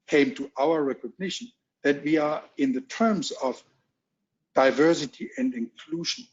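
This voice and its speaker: A middle-aged man from Germany with a strong German accent, giving a keynote at a virtual roundtable in a halting, measured way with many ums, heard over muffled video call audio. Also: a little high, a little mellow. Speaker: corporate executive keynote speaker. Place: home or office on a video call. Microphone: video call mic.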